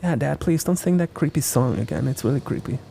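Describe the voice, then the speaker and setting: A man's voice: fairly high pitch, lively intonation, fairly quick, vocal fry, warm tone, slight background noise. A man voicing whiny, bratty kids who complain to their father in a skit.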